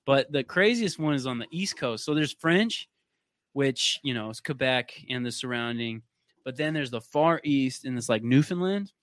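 A man's voice: medium pitch, expressive, moderate pace, fairly bright tone, no echo, clean studio sound. A young man from Canada, a podcast guest, telling stories in a loose, rambling casual chat with plenty of swearing.

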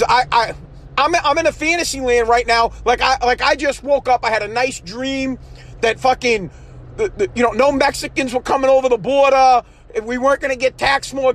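A man hosting a solo podcast from his truck while driving, ranting in a profane, worked-up way and getting loudly passionate. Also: very high voice. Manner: passionate, yells when fired up. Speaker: podcast host. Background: faint road and engine noise.

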